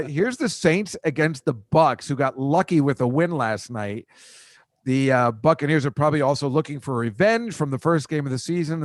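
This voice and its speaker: A man's voice: mid-range voice, no echo. A middle-aged man hosting a comedy football picks show, dry and teasing in casual banter. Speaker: host.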